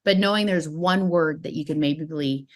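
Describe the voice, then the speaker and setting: A woman giving an upbeat, animated network-marketing training talk, speaking with a smile in her voice. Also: sits low, unhurried. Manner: upbeat, animated, smiling delivery. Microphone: phone.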